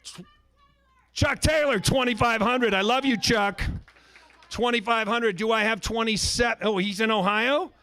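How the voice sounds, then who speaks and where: A man with a high, ringing voice runs a charity auction, firing off bid calls in energetic patter. He jokes and needles the bidders by name. The sound is dry and close, with no room around it. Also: a little slow, dry recording.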